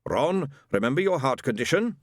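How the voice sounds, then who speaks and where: A man's voice: medium pitch, big pitch swings, normal speed, no room sound, studio quality, voice pushed up. A man voicing a testy, indignant middle-aged woman with a huffy way of talking.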